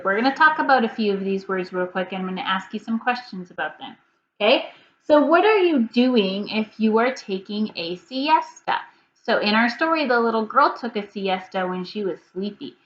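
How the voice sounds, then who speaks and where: A woman teaching a reading lesson to young children at home, prompting slowly and clearly and pausing for answers. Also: mid-range voice, a bit bright, dull audio. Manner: slow, clear, patient prompting with pauses for answers.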